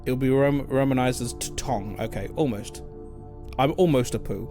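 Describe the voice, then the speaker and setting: A man's voice: medium pitch, normal speed, over music. A man streaming a video game, thinking aloud in casual, muttered commentary.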